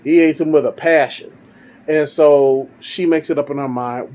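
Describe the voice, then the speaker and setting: A man's voice: mid-range voice, steady tone, unhurried, dark tone. Rambling man telling a story. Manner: rambling, with fillers and restarts. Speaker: fan fiction storyteller. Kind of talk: casual storytelling.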